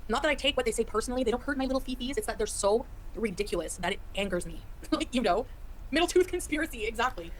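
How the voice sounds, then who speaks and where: A woman in her forties chats quickly on a livestream, running through viewer comments and venting about her critics. She talks fast with a chatty, exasperated edge. Faint noise sits behind her voice. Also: a little high, expressive. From Canada. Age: 40s. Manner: rapid, chatty, laughing, exasperated rants. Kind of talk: casual livestream chat reading comments.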